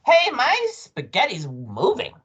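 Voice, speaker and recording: A man's voice: high voice, big pitch swings, moderate pace, a bit bright, slightly rough, muffled recording, voice pushed up, full character voice. A man voicing a grumpy, nasty old man with a sneering, mischievous way of talking. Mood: grumbling.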